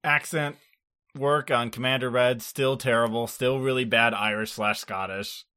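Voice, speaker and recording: A man in his own easygoing podcast chat, retelling cartoon scenes with frequent laughter and the odd curse. His voice sits at an ordinary middle pitch, and his delivery is loose and lively. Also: measured pace, clear, resonant tone. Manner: laughs often, animated, swears casually. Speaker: podcast co-host. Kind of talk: casual chat recapping an anime.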